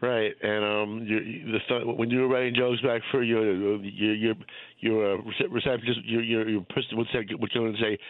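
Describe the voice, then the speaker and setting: A man calling in to a radio show, halting and repeating himself as he speaks. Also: on the low side, flat delivery, no room sound. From Queens, New York. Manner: halting, repeats words, emotional. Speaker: radio caller. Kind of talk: phone-in call. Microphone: telephone. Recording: phone line.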